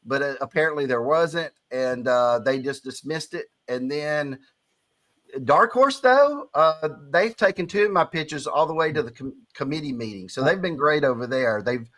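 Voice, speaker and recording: A man's voice: a little high, normal speed, a bit bright, no echo. Man with a strong Alabama twang. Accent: Alabama Southern. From Alabama, USA. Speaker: comic book creator, podcast co-host. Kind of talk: casual podcast chat.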